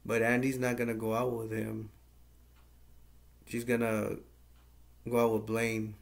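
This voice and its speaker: A man's voice: medium pitch, completely flat delivery, a little slow, creaky. A man casually recapping a movie plot in a rambling, plain-spoken way with lots of fillers. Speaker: movie reviewer.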